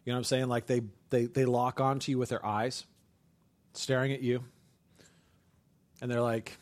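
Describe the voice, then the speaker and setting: A man preaching a sermon in a conversational, humorous way, often checking in with "right?" and breaking into quick asides. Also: medium pitch, little pitch movement. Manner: hushed, slow prayer. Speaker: pastor.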